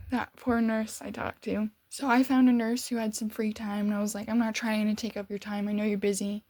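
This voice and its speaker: Young woman storyteller, emotional and animated, bit high, dry close sound. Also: dry recording. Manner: animated, emotional, laughing often. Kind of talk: storytime monologue.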